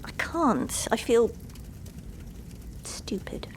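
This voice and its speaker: A woman's voice: on the high side, very animated, extremely slow, whispered, voice pushed up, full character voice. A woman voicing a sulky, skeptical schoolboy in a raised voice. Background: music.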